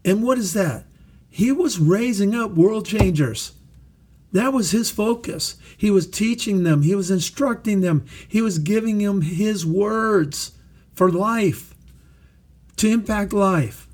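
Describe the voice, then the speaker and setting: A middle-aged man preaching a sermon as pastor, slow and emphatic, repeating phrases for weight. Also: high voice, a little mellow, slightly rough.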